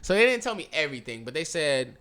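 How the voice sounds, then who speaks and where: A young man tells a personal story on his podcast in loose, casual speech. He talks slangy and swears often, and he acts out what people said. His voice sits a little higher than most men's. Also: fast. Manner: animated, swearing, slangy, acts out past dialogue. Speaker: podcast host.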